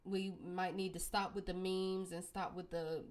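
A woman hosting a podcast, speaking in an earnest, measured way. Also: lowish voice, flat delivery. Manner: earnest, measured, wraps up episodes. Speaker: podcast host. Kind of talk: casual podcast chat.

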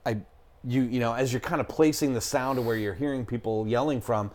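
A man's voice: mid-range voice, fairly even intonation, a little fast, a little mellow. Middle aged guy rambling thru a creepy story, swears a lot, says like constantly. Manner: rambling, profane, lots of "like" and "I'm talking". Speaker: guest telling a story. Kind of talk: casual storytelling.

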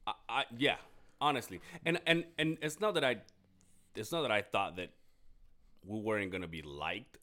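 A man's voice: on the low side, moderate pace, pauses often, bright, forceful tone. A young man co-hosting a podcast, chatting casually in long rambling stories, swearing often and acting out his friends' lines. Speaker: podcast co-host. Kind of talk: casual chat.

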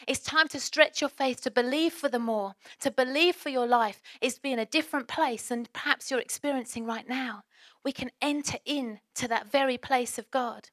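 A woman's voice: sits high, normal speed, no room sound, studio quality. A woman preaching a sermon as a pastor, earnest and exhorting, firing off rhetorical questions.

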